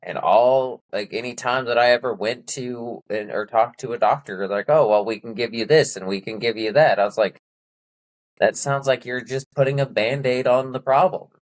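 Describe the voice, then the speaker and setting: A man talking in a casual conversation, halting and hesitant, restarting his sentences often. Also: mid-range voice, dry recording, poor audio.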